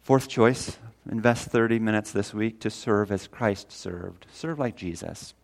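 This pastor's voice is lowish and unhurried, with some vocal fry. His sermon feels folksy and sincere, delivered energetically, and he booms out the scripture passages. For a short moment, he is tearful.

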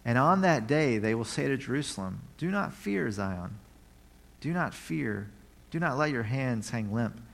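A man preaching a sermon at a middle pitch, talking in an easy, conversational way. He reads scripture aloud and now and then breaks out in a loud, happy cry. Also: lively intonation, unhurried, vocal fry. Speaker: pastor.

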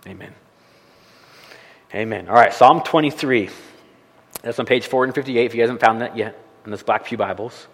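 A man's voice: mid-range voice, in a large hall. A man preaching a sermon as a pastor, speaking earnestly and repeating key phrases for emphasis. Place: church sanctuary.

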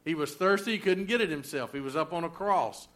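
A man's voice: on the high side, lively intonation, a little fast, fairly bright tone. A middle-aged man preaching a sermon in a folksy, conversational way, full of rhetorical questions. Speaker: pastor.

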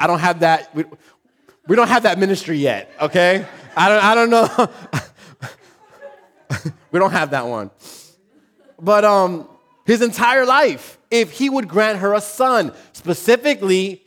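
A pastor preaching a sermon, moving from quiet conversational asides to loud emphatic peaks, acting out quotes as he tells stories. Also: high voice.

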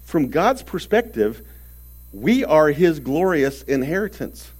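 A man's voice: on the high side, big pitch swings, slow. Earnest male preacher giving a sermon. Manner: earnest, emphatic preaching with swings in loudness and repeated words.

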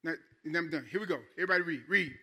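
A man's voice: on the high side, rapid-fire, pushed and bright. A man preaching a Sunday sermon in a conversational style that rises to emphatic calls. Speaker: pastor.

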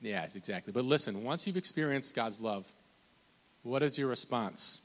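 Man preaching, bright ringing voice, rambling and animated, long hall reverb. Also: medium pitch. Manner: conversational, rambling, frequent restarts and fillers; animated, pushes loud on emphasis, drawn-out slow scripture quotes. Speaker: pastor. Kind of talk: sermon.

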